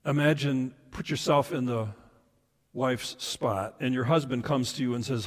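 A man preaching a sermon as pastor, emphatic at times and then dropping to soft, intimate asides. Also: medium pitch, a little slow. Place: church sanctuary. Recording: reverberant hall sound.

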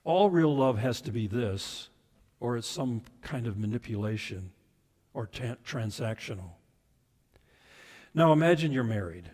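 A man preaching a sermon as pastor, emphatic at times and then dropping to soft, intimate asides. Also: mid-range voice, animated, a little slow, pauses often. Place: church sanctuary. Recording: reverberant hall sound.

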